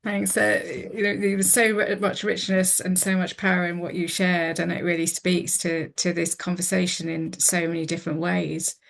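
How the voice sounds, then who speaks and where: Woman hosting a panel, slightly low, gravelly, flat delivery, lots of ums. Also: moderate pace, few pauses. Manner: warm thanks, hesitant with fillers. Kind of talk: moderating a panel talk.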